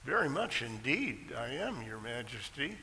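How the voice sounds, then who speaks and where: A preacher voicing a fawning, eager pastor in a sermon story. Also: male voice, medium pitch, sing-song, measured pace, sharp tone, long reverb tail, slight background noise, full character voice, poor audio.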